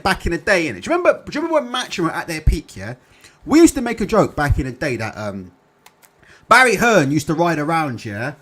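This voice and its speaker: A young man running a live chat stream reads out comments and rants, swearing a lot and rambling with fillers like "innit" and "yeah". His voice is fairly high and fairly bright.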